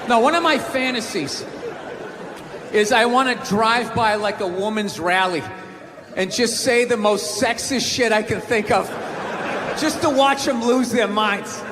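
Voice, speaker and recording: A man doing a profane stand-up set on stage, shouting and laughing at his own jokes. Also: extremely high pitch, a little slow. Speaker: stand-up comedian. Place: large venue with live crowd. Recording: echoey live hall with crowd noise.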